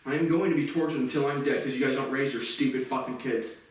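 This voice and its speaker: A man's voice: mid-range voice, fairly even intonation, fast talker, far from the mic. Furious profane man ranting in echoey room. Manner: furious, profane, bursts into shouting. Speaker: vlogger. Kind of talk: angry vlog rant.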